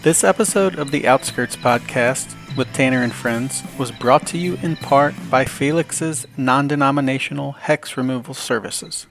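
A man's voice: medium pitch, normal speed, hardly any pauses, fairly bright tone, faint music behind. A man hosting a comedy podcast, reading online reviews aloud in a dry, joking way. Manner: reads listener reviews aloud with dry humor. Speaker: podcast host.

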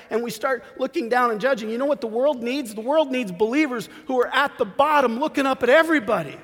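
A man in his forties preaching a sermon as pastor, swinging from shouted peaks to quiet asides. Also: very high-pitched, quick pace, hardly any pauses. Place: church sanctuary. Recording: long hall reverb.

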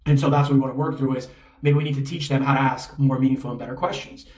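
Racing along in a flat, darkish, mid-range voice, a man coaches conversationally, repeatedly asking "right?". The recording has a roomy echo with the mic placed at a distance.

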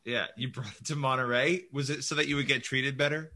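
A man hosts a relaxed podcast chat in a bright, forceful voice. He jokes and teases his way through the conversation in an easy, bantering manner. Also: medium pitch, brisk. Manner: joking, teasing banter. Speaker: podcast host. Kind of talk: casual chat.

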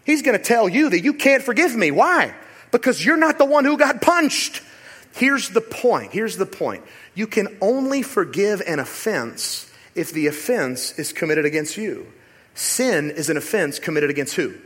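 A man preaching a sermon as pastor in a church, animated and rhetorical, sometimes acting out other voices. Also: high voice, normal speed, husky. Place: church sanctuary. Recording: long hall reverb.

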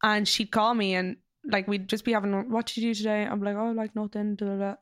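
A woman's voice: medium pitch, level tone, a little fast. A young adult woman with an Irish accent hosting a podcast in casual chat, chatty, laughing often and swearing freely. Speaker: podcast host.

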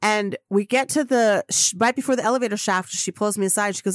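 A woman podcast host telling a story in an excitable way, acting out the voices of the people in it. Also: mid-range voice, fairly quick, dry recording, studio quality. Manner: acts out quoted voices, excitable. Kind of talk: animated storytelling.

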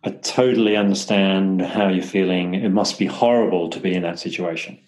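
Deep-voiced man giving short replies. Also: steady tone, normal speed, darkish tone, low-quality recording. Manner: brief, agreeable replies. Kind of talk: casual conversation.

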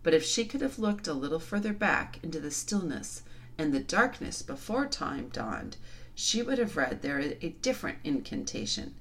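A woman's voice: deep voice, sing-song, moderate pace. Aslan, a woman voicing a noble lion. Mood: solemn. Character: great noble male lion, calm and commanding.

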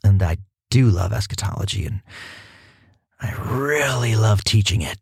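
A man hosting a casual podcast and teaching the Bible, animated and emphatic, often repeating words for stress and poking fun at himself. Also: fairly low pitch, a little slow, vocal fry, slightly rough, dry recording, clean studio sound. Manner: animated, self-mocking, emphatic repetition.

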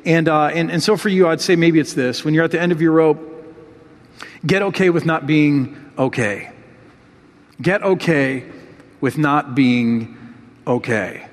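A man delivers a sermon in an earnest, heartfelt voice that sits high for a man. He reads scripture with rising feeling and speaks to his listeners directly. The sound rings with the long reverb of a large hall. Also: moderate pace. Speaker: pastor.

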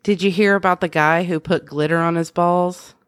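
A woman in her thirties co-hosts a podcast in easy, rambling chat. Her voice sits a little low and sounds dry and close. She laughs often and restarts her sentences as she goes. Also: fairly even intonation, moderate pace, smooth, no echo. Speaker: podcast co-host. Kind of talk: casual chat.

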